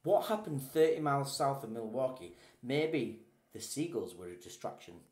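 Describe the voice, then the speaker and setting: A man's voice: medium pitch, big pitch swings, normal speed, darkish tone. A man chatting casually over wine at home as a co-host, rambling and reading viewer comments aloud. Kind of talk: casual tipsy chat. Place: home room, at night. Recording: echoey room.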